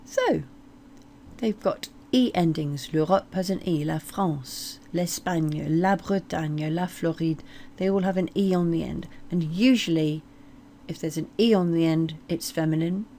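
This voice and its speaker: A woman teaching French place names, slowly modeling each word. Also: lowish voice, dark tone, a little hiss or hum. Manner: slow, deliberate modeling of French words. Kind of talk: explanatory language lesson.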